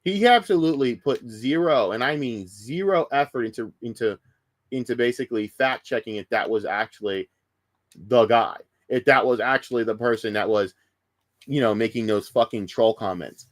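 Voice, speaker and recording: A man's voice: mid-range voice, moderate pace, no room sound. Profane ranting male streamer. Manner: profane, heated, sarcastic. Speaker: streamer reacting to news. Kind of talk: casual ranting commentary.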